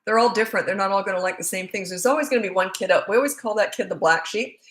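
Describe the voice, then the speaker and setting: A woman's voice: medium pitch, rapid-fire, a bit bright. Middle-aged lady parenting coach, blunt and jokey, rambles with asides, roomy echo. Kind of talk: casual Q&A monologue.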